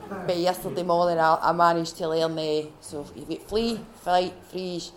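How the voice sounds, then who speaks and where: A Scottish woman at a faith retreat, sharing her personal testimony in a heartfelt, halting way with many restarts. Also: fairly low pitch, fairly even intonation, crowd noise. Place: retreat gathering room.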